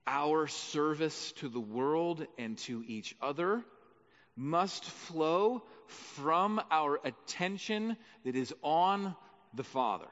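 A man delivers a sermon in a loose, conversational way and keeps checking in with the congregation. His voice sits high and bright. It carries through a large, echoing church hall, and the recording is dull and lo-fi. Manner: conversational, rambling, asks the crowd questions. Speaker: preacher. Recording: echoey hall, dull lo-fi sound.

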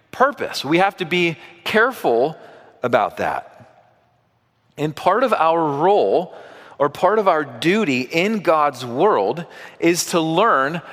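A man's voice: a little high, a bit bright, long reverb tail. A man preaching a sermon in a church, talking to the congregation in a conversational way with asides and questions. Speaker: pastor.

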